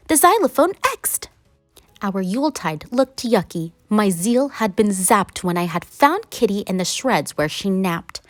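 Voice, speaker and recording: A woman reading a rhyming children's picture book aloud in an animated, singsong way. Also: medium pitch, dry recording. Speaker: read-aloud narrator.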